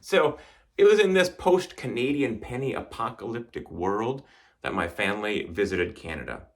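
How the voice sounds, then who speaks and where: A man's voice: on the low side, lively intonation, moderate pace. A man from northern Wisconsin performing a stand-up comedy routine with a dry, wry delivery. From northern Wisconsin, United States. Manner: dry wry delivery, acting out quoted voices.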